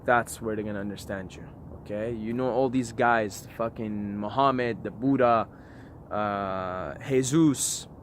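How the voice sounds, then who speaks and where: A man's voice: fairly low pitch, a little slow, a little hiss or hum. Fervent, preachy man talking outdoors. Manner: emphatic and preachy, swearing, repeating phrases. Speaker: vlogger. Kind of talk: impassioned outdoor monologue. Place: outdoors by a forest.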